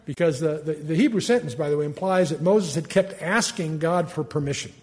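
An older man, his voice sitting a little high, teaches the Bible like a chat among friends. He reads old verses aloud with swelling emphasis, then drops back into easy asides full of "you know" and "uh", recorded close on a podcast mic. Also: a little fast, darkish tone.

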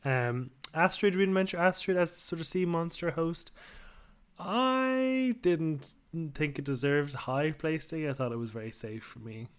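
A man co-hosting a casual podcast, relaxed and enthusiastic as he leads the review segments. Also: a little high, a little slow, smooth. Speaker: podcast co-host. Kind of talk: casual chat.

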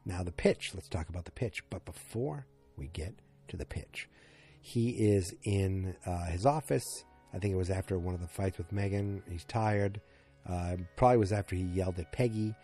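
A man's voice: low-pitched, normal speed, warm tone, soft background music. A man casually recapping a TV episode, rambling with lots of fillers and restarts.

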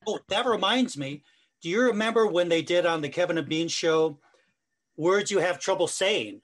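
A man's voice: high voice, moderate pace, a bit bright. A man in casual podcast chat, eagerly chiming in with recollections.

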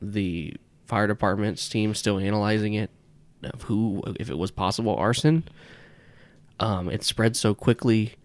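A man's voice: lowish voice, steady tone, measured pace. A man running a tabletop horror game as game master, narrating loosely and laughing often.

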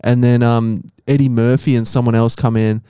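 Mellow-voiced podcast co-host man. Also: medium pitch, level tone, clean tone, no room sound, clean studio sound. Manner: teasing, storytelling, quick laughs. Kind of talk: casual chat.

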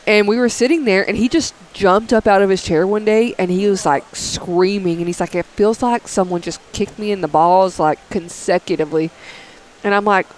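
A woman chatting with friends on a podcast, relaxed and talkative, her sentences drifting off before they finish. Her voice is medium in pitch. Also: normal speed, poor audio. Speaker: podcast guest. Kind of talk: casual chat.

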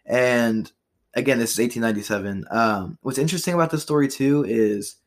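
A man's voice: medium pitch, fairly quick. A young man hosting a podcast, chatting loosely about history trivia with frequent fillers and profanity. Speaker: podcast host.

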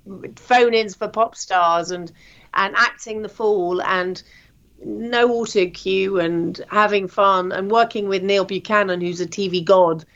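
A woman, a TV presenter, telling her career story in a chatty, animated way with plenty of ums. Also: medium pitch, measured pace, muffled recording. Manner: chatty, animated anecdotes with frequent fillers. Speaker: guest, TV presenter. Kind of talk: interview storytelling.

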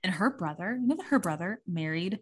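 A woman's voice: on the low side, expressive, brisk, breathy edge. A woman co-hosting a casual gossip chat, swearing freely and mimicking people as she talks. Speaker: podcast co-host.

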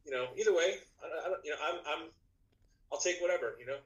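A man's voice: on the high side, fast, lo-fi sound. A man who is a guest musician on a podcast, easygoing and a little hesitant in casual chat.

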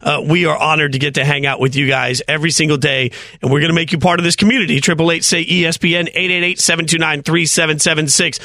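A man hosting sports radio, talking quickly in a high, bright voice. He banters and slides into animated, teasing mock rants. The sound is close and dry. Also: no room sound. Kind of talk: sports talk show banter.

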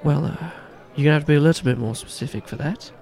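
A man's voice: on the high side, fast, a little mellow, pitched above the performer's own voice, close to an everyday voice. A man voicing a tattooed bartender, in a tabletop game. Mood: guarded. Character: tattooed redheaded Irish bartender man in his thirties, cheeky.

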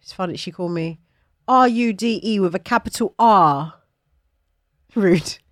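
A young woman from England, chatting casually and expressively, jumping up high when she quotes herself. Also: a little slow, no echo, studio quality. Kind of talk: casual chat.

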